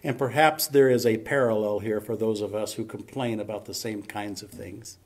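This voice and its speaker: Gravelly preacher man delivering a sermon. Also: fairly low pitch, steady tone, normal speed. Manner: folksy preaching, building to loud emphatic peaks. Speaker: pastor. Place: church sanctuary.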